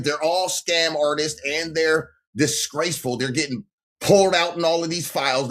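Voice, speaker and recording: A man's voice: on the high side, fairly bright tone. A man hosting a livestream, talking straight at his viewers in a confrontational, taunting rant. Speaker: livestream host. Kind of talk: ranting livestream monologue. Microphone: phone livestream.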